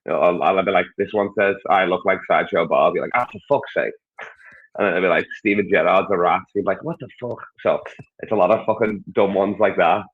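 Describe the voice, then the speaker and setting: Low-voiced Scouse comedian on a tinny line. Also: male voice, fairly even intonation, fast talker. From Liverpool, England. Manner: crude, joking, rambling. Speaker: stand-up comedian guest. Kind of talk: casual podcast chat.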